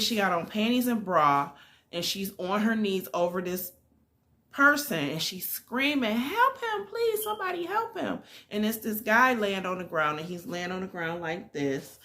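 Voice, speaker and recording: A woman's voice: medium pitch, animated, unhurried, bright, forceful tone. A middle-aged woman vlogger telling a personal story in a casual, emphatic way, with fillers.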